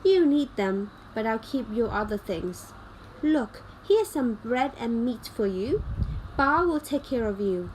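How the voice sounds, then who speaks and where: A woman voicing a wild, bossy young robber girl who talks loud and fast. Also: a little high, animated, a little hiss or hum, rough recording.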